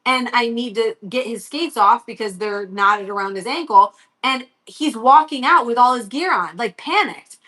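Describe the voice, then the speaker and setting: A woman's voice: on the high side, moderate pace, pushed and bright. A woman in her thirties hosting a livestream, telling a story in a blunt, worked-up rant full of swearing. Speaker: livestream host.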